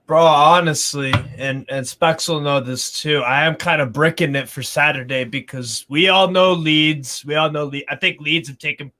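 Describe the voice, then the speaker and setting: A man talking casually about football as a fan on a panel, animated and repeating words as he goes. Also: a little high, moderate pace, few pauses.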